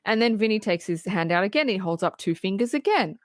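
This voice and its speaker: A woman co-hosting a podcast, casually recapping a film in animated detail, acting out the characters' lines and swearing freely. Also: medium pitch, fairly quick, dry recording, clean studio sound. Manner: animated storytelling, acting out quoted lines, frequent laughs and swearing. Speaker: podcast co-host.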